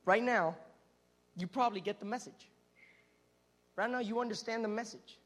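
A man's voice: high voice, moderate pace, long pauses, fairly bright tone. A man preaching as a youth pastor, retelling a story dramatically with lots of repetition. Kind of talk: sermon.

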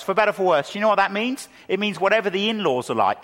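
A man preaching a sermon who speaks with lively emphasis and slows into a hushed, measured tone when leading a prayer. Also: sits high. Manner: lively delivery, drops to a slow hushed tone for prayer. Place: church hall. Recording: reverberant hall.

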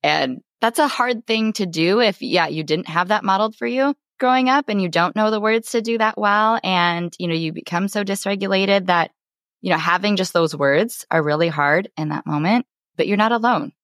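A woman's voice: medium pitch, normal speed, fairly bright tone, no echo, studio quality. A woman hosting a podcast, affirming and reflecting on her guest's points in conversation. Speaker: podcast host.

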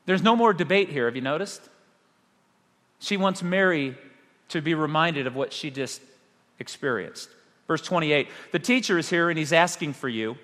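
Male pastor, animated sermon delivery with dramatic pauses; long hall reverb. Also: fairly high pitch. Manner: animated preaching with rhetorical questions and dramatic pauses.

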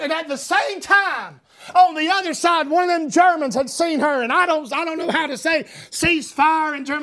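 A man preaching a sermon as pastor. He swings between loud shouted preaching and quieter storytelling. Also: very high voice, fairly quick. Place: church.

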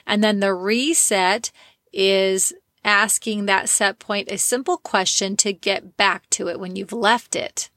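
A woman's voice: mid-range voice, fairly even intonation, slow pace, fairly bright tone, dry recording. A woman hosting a podcast, giving a candid teaching monologue with self-mocking asides. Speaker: podcast host.

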